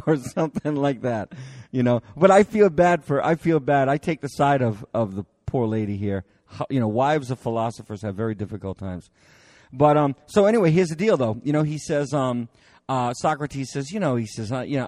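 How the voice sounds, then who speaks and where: Animated man lecturing by storytelling. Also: medium pitch, normal speed, dry recording, studio quality. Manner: chatty and animated, many fillers and restarts, laughs at own stories.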